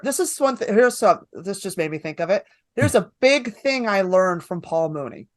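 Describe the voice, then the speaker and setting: Guesting on a podcast, this female comic from New York spins lively stories, acting out the quotes as she talks casually. She speaks in a mid-range voice on a dry recording.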